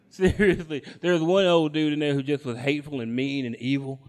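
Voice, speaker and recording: A man performing live stand-up comedy, telling a long story with punchlines. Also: a little high. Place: comedy stage at a live show.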